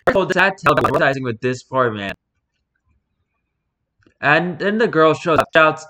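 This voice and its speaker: Man, bright tone, casual reaction vlog, rambling, jokey, swears casually. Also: fairly high pitch, lively intonation, a little fast. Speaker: vlogger reading posts aloud.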